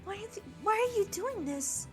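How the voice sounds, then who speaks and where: A man voices a frightened teenage girl held hostage, in a high, thin falsetto. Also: animated, moderate pace, music in the background.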